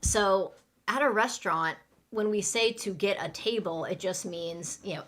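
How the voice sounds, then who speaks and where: A woman teaching English in a live online class, speaking slowly and clearly and acting out restaurant phrases for learners to repeat. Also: mid-range voice, a bit bright. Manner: slow, clear teaching delivery with role-play lines.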